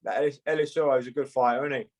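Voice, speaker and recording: A young man, a boxer chatting casually in an interview, laid-back and halting, often saying "mate" between fillers. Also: mid-range voice, steady tone, a little mellow, rough recording.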